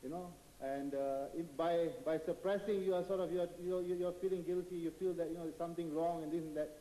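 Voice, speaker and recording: Halting man asking a question in a hall. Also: a little high, steady tone, warm tone. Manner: halting, many fillers and restarts. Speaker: audience member asking a question. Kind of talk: hesitant questioning. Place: large auditorium. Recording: echoey hall.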